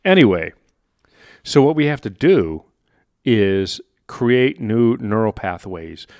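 A man's voice: lowish voice, very animated, slow, darkish tone, no echo. A man hosting a motivational podcast, talking animatedly and acting out inner voices, laughing at himself now and then. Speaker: podcast host. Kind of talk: motivational solo podcast talk.

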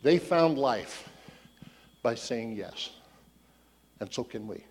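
A man's voice: medium pitch, expressive, slow pace, a little mellow, a little hiss or hum. A man giving a casual, conversational Bible teaching, telling the story loosely and thinking aloud as he goes. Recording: long hall reverb.

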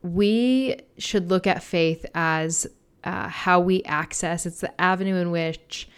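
Brief: woman podcast co-host, low-pitched, reflective, affirming, faith chat. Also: slow, clear, resonant tone.

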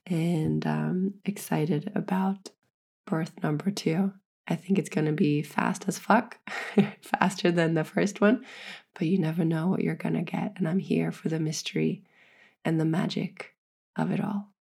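A woman's voice: sits low, steady tone, unhurried, vocal fry, a little mellow, breathy edge. A pregnant woman frankly telling her own birth story, earnest and swearing freely. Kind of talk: candid personal storytelling.

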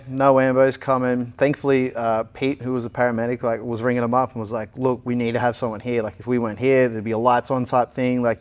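A man's voice: medium pitch, clean tone, dull audio. Australian man telling his story. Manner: animated retelling, acting out other people's lines. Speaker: interview guest. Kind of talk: storytelling in a casual interview.

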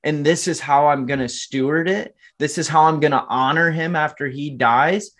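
A man's voice: a little high, normal speed, a bit bright. A man in his twenties, a podcast guest, telling his life story in an earnest, motivational way and often turning to the listeners directly. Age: 20s. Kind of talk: candid storytelling interview.

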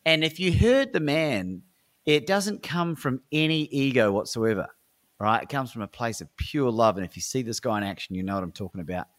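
A man's voice: mid-range voice, lively intonation, fairly quick, fairly bright tone. An Australian man, a speaker and coach, telling stories in a podcast interview in an enthusiastic, motivational way. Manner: enthusiastic, motivational, with frequent fillers like "right?". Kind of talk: animated storytelling in a podcast interview.

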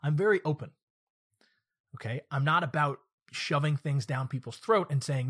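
A man's voice: fairly high pitch, fairly quick, fairly bright tone, husky. A man hosting his own podcast as a dog trainer, teaching and telling stories in a direct, earnest monologue. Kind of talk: solo podcast monologue with storytelling.

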